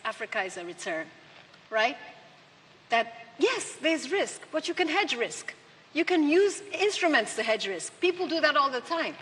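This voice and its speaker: Woman speaker at an event, punchy, asks the crowd questions, somewhat high voice, long reverb. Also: pushed and bright, a little hiss or hum. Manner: emphatic, rhetorical questions. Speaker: conference speaker. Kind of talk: speech to an audience.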